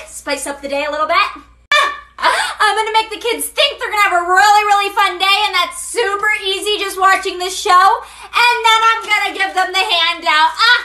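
A smug teacher gloats about piling on homework, as a woman puts her on. Her voice is very high and bright, with a gleeful lilt. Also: roomy sound, heavily acted. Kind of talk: comedy skit.

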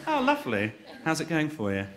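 A man's voice: on the high side, huge pitch swings, fairly quick. A male stand-up comedian teasing the crowd on stage through a handheld mic, cheeky, swinging between shrieks and mutters. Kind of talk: live stand-up with crowd work. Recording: noisy live club recording.

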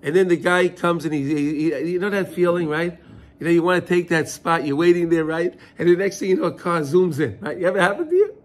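A man teaches a Torah class in a fairly high voice. He repeats his words and keeps asking his listeners questions as he explains. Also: brisk. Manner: repeats words, asks listeners questions, mixes Hebrew terms.

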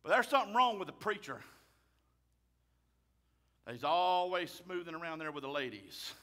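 Loud emphatic preacher man. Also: fairly high pitch, very animated, normal speed. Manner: loud, emphatic, raises his voice. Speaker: pastor. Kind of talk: fiery sermon.

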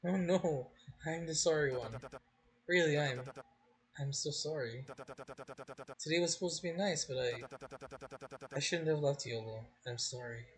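A man reading game dialogue aloud as a soft-spoken, apologetic young man who makes coffins. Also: fairly high pitch, moderate pace, long pauses, natural voice.

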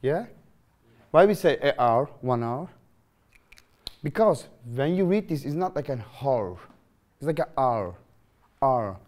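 Lively man teaching grammar. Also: medium pitch, slow pace, long pauses. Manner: lively, questioning, repeats phrases to students. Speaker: English teacher. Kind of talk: classroom grammar lesson.

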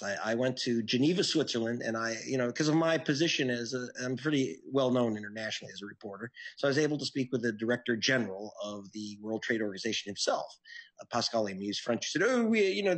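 A man answering interview questions as an investigative reporter, telling his story in an earnest, animated way. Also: fast talker, breathy edge. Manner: earnest, animated storytelling with sudden pitch jumps.

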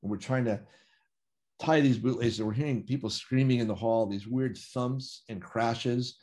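A man telling a gripping first-person story in an animated, vivid way, acting out quoted dialogue. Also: medium pitch, moderate pace. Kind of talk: conversational storytelling.

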